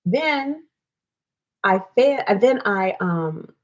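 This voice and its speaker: A woman's voice: medium pitch, expressive, drawn-out words. Woman, livestream wellness host, casual and earnest, repeats herself for encouragement. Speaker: host of a weekly live wellness show. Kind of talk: casual motivational livestream talk.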